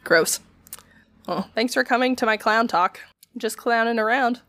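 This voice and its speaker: A woman's voice: on the high side, a little slow, fairly bright tone, no room sound. A woman co-hosting a casual podcast, blunt and dramatic, swearing often. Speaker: podcast co-host.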